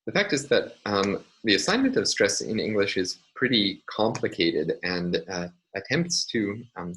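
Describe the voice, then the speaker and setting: A man's voice: on the low side, expressive, a little slow, a bit bright, slight background noise, low-quality recording. A man giving a recorded university linguistics lecture, explaining carefully with many ums and uhs.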